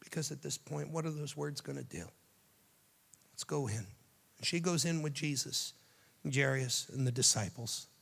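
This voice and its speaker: A man giving a youth sermon, telling the story dramatically and dropping to a hushed, tender voice for quoted lines. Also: mid-range voice, normal speed, vocal fry, long pauses, big-room sound. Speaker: youth speaker.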